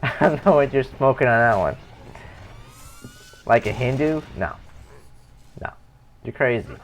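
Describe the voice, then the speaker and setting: Rambling male streamer, lively voice. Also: medium pitch, measured pace, a little hiss or hum. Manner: rambling, self-correcting, chuckling. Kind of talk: casual live-stream chat while gaming.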